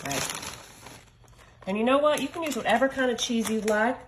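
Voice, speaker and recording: A woman's voice: a little high, normal speed, slight background noise, low-quality recording. Chatty woman cooking at home. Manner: chatty, folksy, talks directly to viewers. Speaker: home cook. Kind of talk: cooking demonstration. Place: home kitchen.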